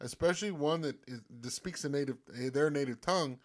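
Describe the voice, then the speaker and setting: A man co-hosting a casual podcast chat, talking in a hesitant, halting way with many restarts. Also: fairly high pitch. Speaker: podcast co-host.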